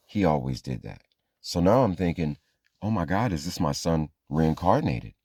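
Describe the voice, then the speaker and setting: Deep-voiced guy doing a dazed grieving older lady, rambling on and pleading. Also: very animated, moderate pace, dark tone, breathy edge, no room sound, studio quality, full character voice.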